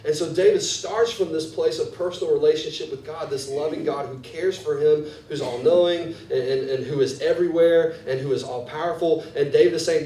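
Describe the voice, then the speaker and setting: A man's voice: on the high side, a little fast, few pauses, mellow, reverberant, distant mic, slight background noise, low-quality recording. A pastor preaching a sermon, earnest and repeating words as he builds each point. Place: church sanctuary.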